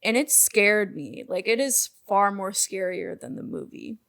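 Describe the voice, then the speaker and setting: A woman's voice: mid-range voice, animated, unhurried, fairly bright tone. Young woman, podcast co-host, easygoing, dry jokes, mid-range voice. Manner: laid-back, dry joking. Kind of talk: casual chat.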